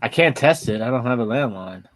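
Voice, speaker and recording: A man's voice: medium pitch, animated, a little fast, fairly bright tone, no echo. A man co-hosting a reseller podcast, talking in a laid-back, rambling way that often repeats words. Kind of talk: casual chat.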